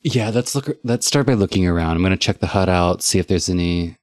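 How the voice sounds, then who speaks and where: A young man playing a tabletop game, talking casually and coaxing gently when in character. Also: low voice, a little fast, no room sound, studio quality. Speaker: player. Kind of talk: tabletop role-play, in-character chat.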